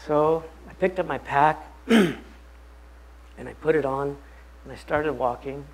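A man, a pastor, telling a personal story during a bible study talk in an animated, anecdotal way. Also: a little high, takes it slowly, breathy edge, low-quality recording.

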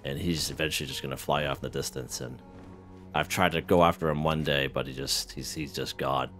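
A man casually commenting on his own gameplay in a relaxed, rambling way, chuckling often. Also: a bass voice, fairly quick, faint music behind. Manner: relaxed, chuckling, lots of fillers and restarts. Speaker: gaming channel host.

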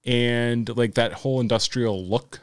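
A man co-hosting a podcast, chatting in a relaxed, hesitant way full of fillers. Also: mid-range voice, measured pace, clean tone, no room sound, studio quality. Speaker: podcast co-host. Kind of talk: casual chat.

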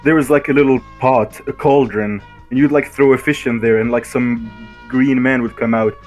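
A man's voice: mid-range voice, fairly even intonation, moderate pace, soft background music. A young man co-hosting a casual stream about his game, laid-back and slangy. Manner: laid-back, slangy, says dude a lot. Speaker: game co-creator.

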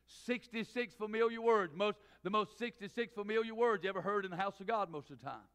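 A middle-aged man, a pastor preaching a sermon in church, swinging between loud emphatic preaching and quick low asides. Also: clean tone. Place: church sanctuary.

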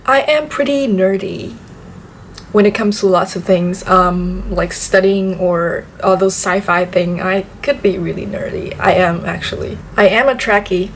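A young woman from southern China chats in English with a Chinese accent, a native Chinese speaker in a casual vlog. She talks at a mid pitch, repeating words over and over for emphasis, with a faint hum of room ambience behind her. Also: a little slow. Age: young adult. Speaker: vlogger.

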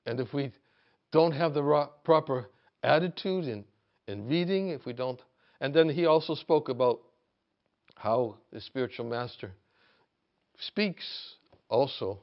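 A man giving a reflective talk as a spiritual teacher, halting and restarting often, rising to emphasis as he retells a story. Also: mid-range voice, lively intonation, lo-fi sound. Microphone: video call.

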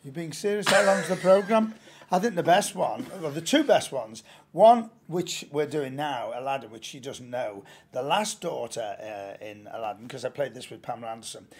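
A man, a pantomime actor and broadcaster, telling lively stories with stammering restarts. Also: medium pitch, normal speed, husky. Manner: animated storyteller, stammering restarts. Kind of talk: anecdotal interview chat.

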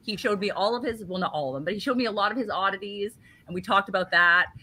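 Blunt, bright-voiced woman telling stories. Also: mid-range voice, fast. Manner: animated storyteller, blunt one-word answers. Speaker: interview guest. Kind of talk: casual live-stream chat.

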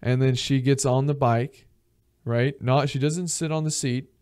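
A young man hosts a casual podcast and spins a loose travel story, swearing freely and breaking into laughter as he acts out the people he met. His voice is mellow and relaxed, sitting at an ordinary middle pitch for a man. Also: unhurried, clear, resonant tone. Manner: animated and profane, laughs often, acts out quotes. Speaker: podcast host.

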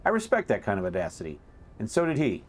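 A man's voice: lowish voice, huge pitch swings, fast. A man voicing a blunt, sardonic male chaplain from a game, reading his lines aloud in a dry, scornful way.

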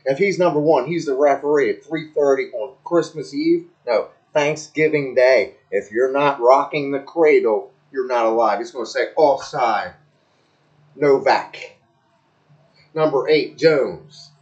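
A man's voice: medium pitch, a little mellow, echoey room, highs cut off. A man giving a rambling, crude, joking play-by-play of a televised football game, repeating himself often. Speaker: amateur commentator.

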